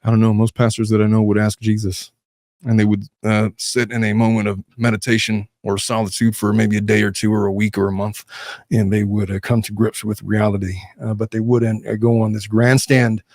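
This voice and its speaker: A man's voice: on the low side, little pitch movement, a little fast, a little mellow, dry recording. A man giving casual commentary on an interview clip, exasperated and rambling with fillers. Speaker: legal commentator.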